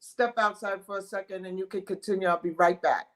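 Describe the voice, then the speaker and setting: A host in relaxed conversation, speaking casually with fillers. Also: medium pitch, fairly quick. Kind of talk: casual chat.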